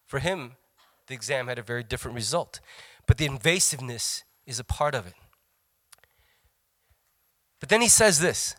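A middle-aged man preaching a sermon in an animated, joking, self-mocking storytelling way. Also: mid-range voice, moderate pace, pauses often, dry recording. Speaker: pastor.

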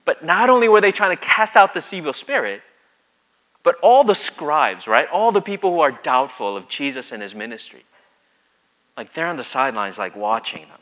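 Conversational pastor, a man, higher voice. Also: moderate pace. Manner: conversational, acts out scripture with lively voices. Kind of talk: sermon.

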